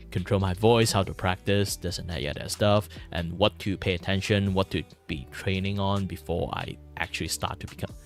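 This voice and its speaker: A man's voice: low voice, vocal fry. A young man from Malaysia chatting casually on his stream, rambling along with plenty of fillers and restarts. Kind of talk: casual chat.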